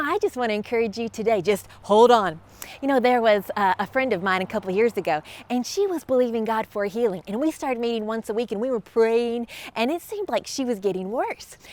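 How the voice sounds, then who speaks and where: A middle-aged woman hosting a devotional encouragement show, talking to the camera in a warm, conversational way, laughing often and acting out quotes. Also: a little high. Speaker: host of a faith encouragement show.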